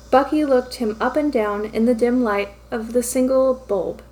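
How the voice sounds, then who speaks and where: A woman narrating a fan fiction story aloud in a brisk, lightly amused storytelling manner. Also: a little high, a little mellow, rough recording.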